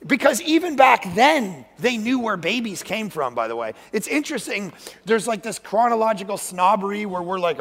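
A man with a high, gravelly voice preaches as a guest speaker, joking and acting out the people in his stories. His words ring out with a long reverb through a large church hall. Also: normal speed. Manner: animated, joking, acts out quoted voices, sudden shouts. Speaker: guest pastor. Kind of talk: energetic comedic sermon. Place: church sanctuary.

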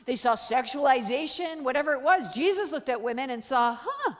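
A Canadian woman preaching as a guest speaker, telling stories in an animated, chatty way with lots of fillers and acted-out quotes. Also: fairly quick. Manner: animated, chatty, full of "like" and "uh", acts out quotes in higher voice. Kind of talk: storytelling sermon. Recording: long reverb of a large hall.

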